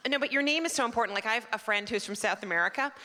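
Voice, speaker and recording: Bright-voiced woman doing stand-up. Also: a little high, racing. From Canada. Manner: chatty, self-mocking, teasing the crowd. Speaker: stand-up comedian. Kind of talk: stand-up comedy set. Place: large theater stage. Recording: live theater recording, long hall reverb, faint crowd noise.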